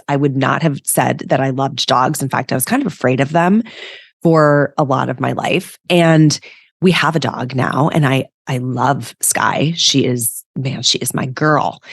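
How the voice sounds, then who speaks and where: A woman's voice: low voice, creaky, husky, dry recording, studio quality. A woman hosting a reflective self-help podcast as a coach, talking conversationally and often checking in with "right?".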